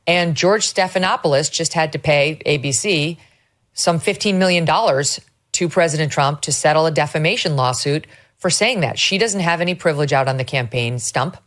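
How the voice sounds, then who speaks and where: Woman hosting a political talk show, emphatic and animated, lowish voice. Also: moderate pace.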